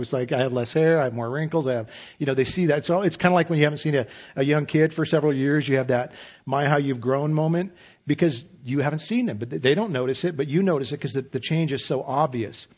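A man in his fifties preaching a sermon as pastor, relaxed and conversational with self-deprecating humor. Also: medium pitch, muffled recording.

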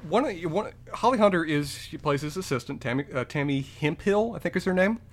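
A man's voice: fairly high pitch, expressive, fast talker, slight background noise. A man co-hosting a casual film review podcast, talking in long, detailed run-on points. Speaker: podcast co-host.

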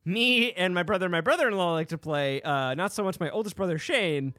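A man co-hosting a casual podcast chat, an animated storyteller who laughs often. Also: high voice, fast talker, dry recording, clean studio sound, soft background music. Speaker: podcast co-host.

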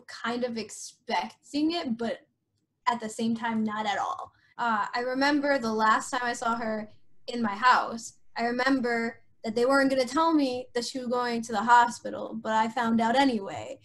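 A young woman telling a personal story in a casual, rambling way, full of fillers and restarts, dropping soft and low at the sad parts. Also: fairly even intonation, measured pace. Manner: frequent filler "like", trailing restarts. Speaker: guest sharing a personal story.

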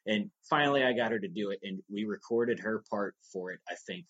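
A man's voice: on the low side, a little fast, hardly any pauses, fairly bright tone, husky, highs cut off. A man talking as a podcast guest about his audio drama work, in an easygoing, rambling storytelling manner. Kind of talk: casual interview talk.

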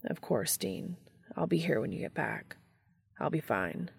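A woman reading the part of an earnest, otherworldly male creature who speaks formally and quietly. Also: low-pitched, big pitch swings, unhurried, vocal fry, slightly rough, no room sound, studio quality, exaggerated voice. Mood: hurt.

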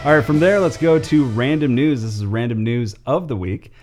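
A man's voice: mid-range voice, moderate pace, loud music behind the voice. A man co-hosting a casual podcast, loose and chatty, laughing easily between lots of ums. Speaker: podcast co-host presenting segments. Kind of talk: casual chat.

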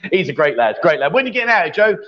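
High-voiced joking man in his fifties. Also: big pitch swings, a little fast, a little hiss or hum. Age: 50s. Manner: jokey, banter-heavy, loud. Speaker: livestream host. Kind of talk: casual live-stream chat. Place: bar in Pattaya. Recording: dull, lo-fi livestream sound.

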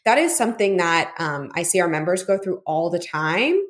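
A woman's voice: lowish voice, lively intonation, normal speed. Chatty woman podcast host from Texas. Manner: chatty, conversational, asks listeners "okay?". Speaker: podcast host and registered dietitian. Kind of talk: casual solo podcast talk.

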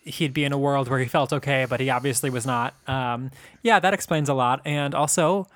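A man's voice: medium pitch, a little fast, no echo. A man co-hosting a podcast, telling stories in a wry, casual way. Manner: wry, storytelling. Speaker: podcast co-host. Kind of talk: casual chat.

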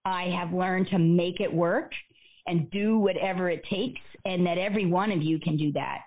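A woman guest speaker telling personal stories in an interview, earnest and animated. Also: lowish voice, normal speed. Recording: phone-like narrow band.

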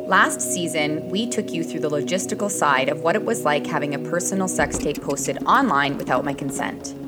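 A woman's voice: low-pitched, moderate pace, over loud music. A young woman hosting her own self-help podcast, talking earnestly and with growing passion, often acting out little inner voices. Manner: earnest, animated, gushing and encouraging. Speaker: podcast host.

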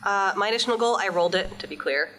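A woman's voice: medium pitch, racing, sharp tone, low-quality recording. A woman playing a live tabletop game on stage, amused and playful. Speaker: player.

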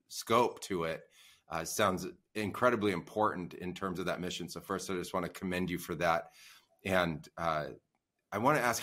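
A man hosting a podcast interview, asking measured questions and offering praise. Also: deep voice, fairly bright tone. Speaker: podcast host.

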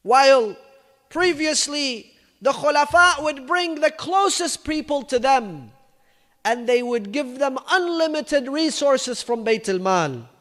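A man with a very high voice tells a religious story in an emphatic sermon style, slipping Arabic phrases into his English. His voice carries a long reverb, as if he is speaking in a large hall. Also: lively intonation, slow, a bit bright. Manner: emphatic storyteller, acting out quoted speech, rich in Arabic phrases.

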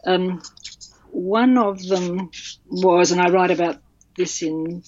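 A woman author telling a personal story in an interview, halting and emotional with many restarts. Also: fairly low pitch, fairly even intonation, darkish tone, a little hiss or hum. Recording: dull, dry sound.

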